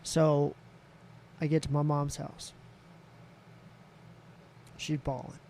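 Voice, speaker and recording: A man's voice: a little high, completely flat delivery, slow, mellow, a little hiss or hum. A man, a podcast guest telling a personal story in casual talk, candid and swearing freely. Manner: candid, swears freely, voices others in quotes.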